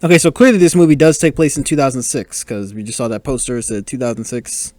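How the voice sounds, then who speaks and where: Quick and mellow, a medium-pitched male voice with no room sound belongs to a podcast host chatting over a film. He reacts aloud to each scene, exclaiming and poking fun at the characters.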